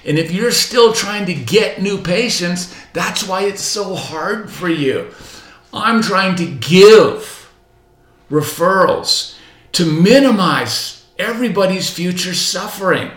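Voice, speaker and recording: A man's voice: high-pitched, animated, slow, fairly bright tone. A man in his sixties giving a motivational seminar talk to doctors, emphatic and repetitive, full of rhetorical questions. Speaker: motivational speaker coaching doctors. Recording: roomy echo.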